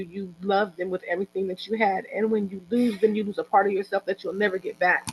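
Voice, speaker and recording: Halting, heartfelt woman hosting a livestream. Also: medium pitch, little pitch movement, vocal fry, rough recording. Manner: halting, heartfelt, with many restarts. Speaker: event organizer and host. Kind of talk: emotional personal speech on a livestream. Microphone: video call.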